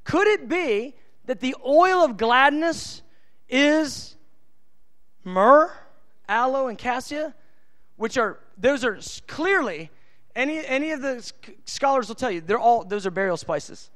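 A man preaching a sermon with a strikingly high voice for a man. He is impassioned and emphatic, and drops into casual, everyday asides between lines of scripture. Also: animated, a little slow, fairly bright tone.

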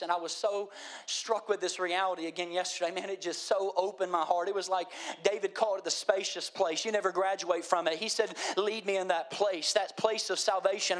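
A man preaching a sermon, moving from quiet storytelling to impassioned pleading. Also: sits high. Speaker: pastor.

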